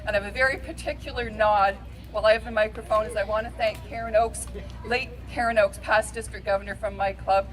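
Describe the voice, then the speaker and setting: A woman's voice: mid-range voice, steady tone, fast talker, poor audio. A woman speaking as district governor at a ceremony over a video call, in a heartfelt, thankful way. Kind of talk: ceremony speech.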